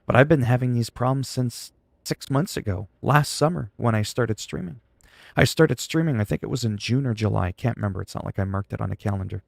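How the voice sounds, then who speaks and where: A man's voice: medium pitch, a little fast, creaky, no echo. A man livestreaming from his computer, venting in a frustrated, sarcastic way during casual stream chat.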